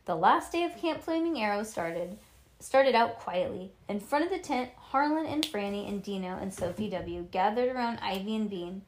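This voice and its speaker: A woman reading a children's book aloud to a child, lively and animated, with little asides. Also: medium pitch, normal speed, slight background noise.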